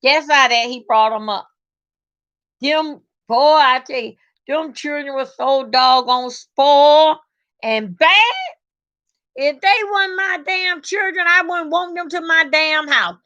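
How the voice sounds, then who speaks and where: Bright, high-voiced middle-aged woman telling stories. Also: slow pace, no echo. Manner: animated, emphatic, salty with cursing. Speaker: vlogger. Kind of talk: casual storytelling. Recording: dull lo-fi recording.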